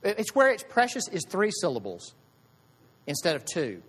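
Male pastor, lively swooping pitch, slightly high voice, sermon in a reverberant church hall. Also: normal speed, husky. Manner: conversational preaching with rhetorical questions.

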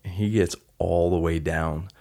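A man's voice: sits low, fairly even intonation, unhurried, darkish tone. A man hosting a solo podcast, telling stories in an earnest, heartfelt way. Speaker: podcast host.

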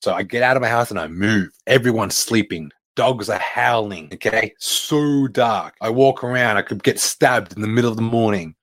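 A man's voice: lowish voice, fairly bright tone. A young adult man, a fitness coach, giving a blunt, profane motivational talk to a live audience, hyped and repetitive.

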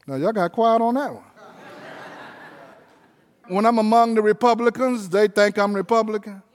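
A man's voice: high-pitched, normal speed, big-room sound. A man preaching a sermon as pastor, folksy and emphatic, stretching out key phrases.

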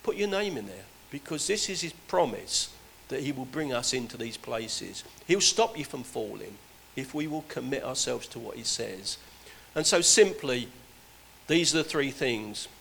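A man's voice: mid-range voice, animated, normal speed, vocal fry, fairly bright tone, slight background noise, poor audio. A man preaching a sermon, earnest and exhorting, his voice rising and dropping for emphasis.

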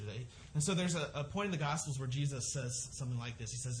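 A man's voice: medium pitch, fast, hardly any pauses, a little hiss or hum. A man preaching a sermon, earnest and conversational, often restarting his sentences as he works through a scripture passage. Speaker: pastor.

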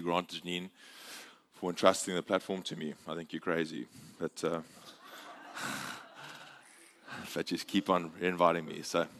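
A man giving a guest sermon in a chatty, joking way, mixing travel stories with scripture reading, his volume swinging up and down. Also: deep voice. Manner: chatty, jokey, animated swings in loudness. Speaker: guest preacher. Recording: live church hall with long reverb.

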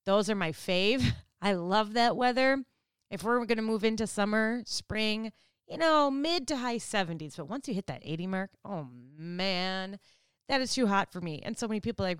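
A woman's voice: mid-range voice, animated, moderate pace, smooth, no echo, studio quality. A woman of about forty from Wisconsin, chatting casually to her viewers, laughing often and acting out quoted people. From Wisconsin, US Midwest. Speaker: vlogger. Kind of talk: casual chat to camera.

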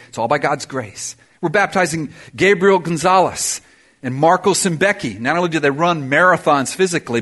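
A man preaching a sermon to his church congregation, energetic and emphatic, with punchy exclamations. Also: on the high side, husky. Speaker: pastor. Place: church service before a congregation.

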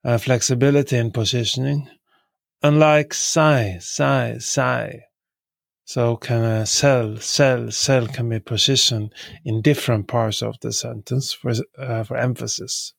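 A man teaching a language lesson, repeating each example word three times in a measured way with occasional fillers. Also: mid-range voice, steady tone, vocal fry, dry recording. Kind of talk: slow repetitive lesson.

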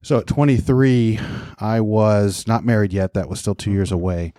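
Man in his fifties, podcast co-host, mellow low voice, reflective, dry close sound. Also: steady tone, normal speed, dry recording. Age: 50s. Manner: reflective, talks with many restarts. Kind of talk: casual podcast conversation.

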